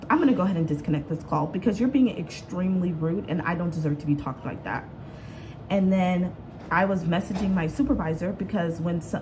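A young woman with a drawl talks straight to the camera at home, loose and slangy and never holding back while she vents. Her voice sits low for a woman, and steady household noise runs clearly behind her. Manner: candid, slangy, venting with heated retelling. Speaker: vlogger working from home. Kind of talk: casual vlog chat.

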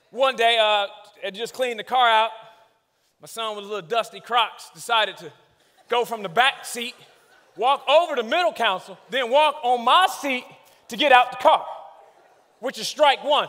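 A man preaching a comedic sermon in a large church hall, telling animated stories about his kids with shouted punchlines. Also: extremely high pitch, normal speed. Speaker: guest preacher. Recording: long hall reverb.

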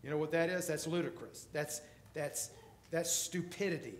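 Man preaching a sermon, high-pitched voice, emphatic delivery, echoey church sanctuary. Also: steady tone, moderate pace. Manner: emphatic preaching, swings between loud and soft. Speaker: pastor.

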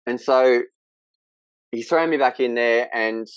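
Male podcast guest, mid-range voice, emotional and halting, slightly muffled dry sound. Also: medium pitch, smooth, dry recording. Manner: emotional, halting retelling with many restarts. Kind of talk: candid conversation.

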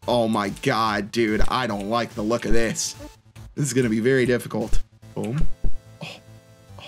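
A young man giving let's-play commentary, muttering in frustration at a hard game and saying "dude" a lot. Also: mid-range voice. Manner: says "dude" constantly. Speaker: gaming YouTuber.

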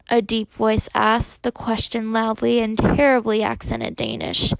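A woman's voice: a little high, little pitch movement, a little slow, vocal fry, few pauses, no room sound. Woman reading a story aloud. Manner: gives the characters small voice shifts, mostly in her own voice.

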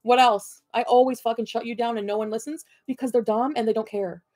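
A woman's voice: a little high, steady tone, fast, dark tone, dry recording. Profane, combative woman ranting on stream. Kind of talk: livestream rant at chat.

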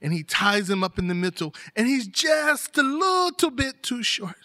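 A man telling a folktale aloud with animated, rhythmic repetition. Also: very high-pitched, normal speed. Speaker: storyteller. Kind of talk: oral folktale storytelling.

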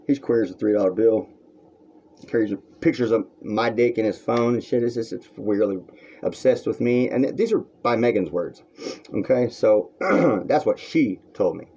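Ranting to the camera on his own vlog, a man rambles heatedly and crudely from a room in his house, captured on a dull, lo-fi recording. He talks at a moderate pace in a fairly low, mellow voice with a breathy edge.

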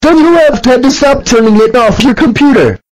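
A man voicing Barney, squeaky and furious. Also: moderate pace, dry recording, low-quality recording. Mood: scolding. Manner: scolding, repeats threats. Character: angry purple dinosaur, male, fed up.

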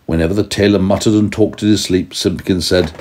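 A man reading a storybook aloud to his young child at home, gently pausing to ask questions. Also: low-pitched, steady tone. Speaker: parent telling a story to a toddler.

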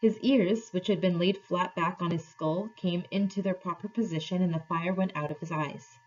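Husky-voiced woman teacher reading aloud. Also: fairly low pitch, steady tone, moderate pace, darkish tone, highs cut off. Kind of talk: reading a novel aloud to a class.

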